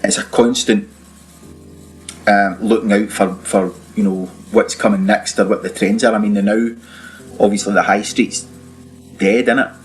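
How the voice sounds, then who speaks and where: A Scottish man talks in a low, unhurried register as a podcast guest. He explains things in a halting, meandering way. There is faint noise behind him. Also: steady tone, low-quality recording. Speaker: guest, property developer. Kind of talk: casual podcast chat.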